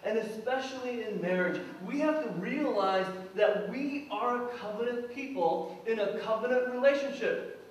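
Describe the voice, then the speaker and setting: A man's voice: very high voice, moderate pace, distant mic. A man preaching a sermon as pastor, earnest and acting out prayers and quotes. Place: church sanctuary. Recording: echoey church hall, from afar.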